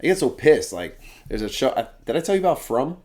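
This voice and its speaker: A male podcast co-host in relaxed conversation with a friend. He recounts things with lively energy and breaks into loud acted-out outbursts now and then. He swears casually. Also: mid-range voice, fast. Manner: animated storyteller, acts out characters with sudden yells; swears freely. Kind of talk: casual chat.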